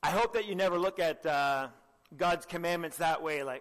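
A young man preaching a sermon with earnest exhortation, often asking the listeners direct questions and clearing his throat. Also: fairly high pitch, moderate pace, fairly bright tone, in a large hall.

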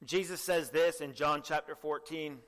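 A young man preaching a sermon with earnest exhortation, often asking the listeners direct questions and clearing his throat. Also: fairly high pitch, steady tone, normal speed, fairly bright tone, big-room sound.

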